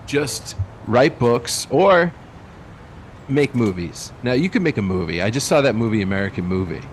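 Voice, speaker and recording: A man's voice: mid-range voice, animated, moderate pace, slight background noise. A man hosting a casual podcast chat, playful and jokey, laughing often. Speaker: podcast host.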